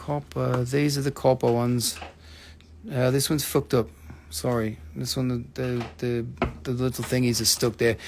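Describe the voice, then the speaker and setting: A man's voice: medium pitch, level tone, unhurried, a little mellow, slight background noise. A man hosting a live crystal sale, rambling and joking as he swears freely and talks to viewers by name. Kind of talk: casual live sales pitch.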